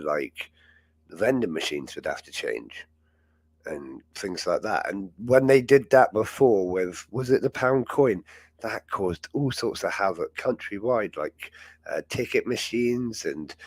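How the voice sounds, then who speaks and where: A man's voice: lowish voice, no room sound. A man hosting a live chat show, talking in a rambling, chatty way and laughing often. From England. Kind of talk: casual live-stream chat.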